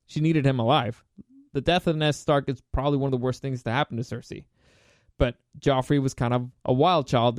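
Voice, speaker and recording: A man hosting a podcast, rambling through a long retelling and acting out characters in quick voices, often correcting himself. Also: medium pitch, darkish tone, dry recording, studio quality. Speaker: podcast host. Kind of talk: casual storytelling monologue.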